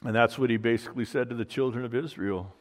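A man's voice: medium pitch, fast talker. A man preaching a sermon in a conversational way, often restarting and saying "you know". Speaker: pastor.

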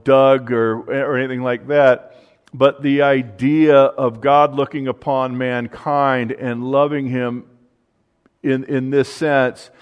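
A man's voice: mid-range voice, smooth, highs cut off. A man preaching a conversational sermon on a psalm, dropping his voice for the quoted prayers. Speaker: pastor. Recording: long hall reverb.

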